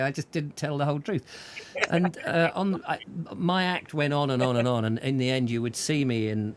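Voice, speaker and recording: Man telling a lively, chuckling anecdote. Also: mid-range voice, a little hiss or hum. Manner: lively storyteller, chuckling often, many restarts. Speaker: host. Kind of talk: casual chat, telling an anecdote.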